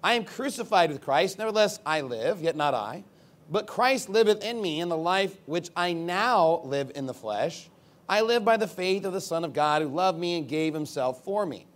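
A man's voice: sits high, lively intonation, normal speed. A male pastor preaching a sermon off the cuff. He rambles at times and turns emphatic when he reads scripture.

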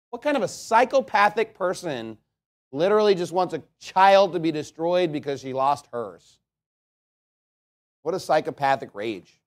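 A man preaching a sermon, reading scripture aloud and breaking into animated commentary, rhetorical questions and chuckling asides. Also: fairly high pitch, normal speed. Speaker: pastor.

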